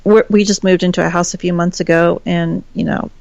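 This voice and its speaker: A woman's voice: fairly low pitch, fairly even intonation, brisk, gravelly, darkish tone, no room sound. A woman from Texas, a guest in a casual chat, telling stories with lots of laughs and acted-out quotes. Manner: chatty storyteller, laughs often, acts out quoted voices. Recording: dull lo-fi call audio.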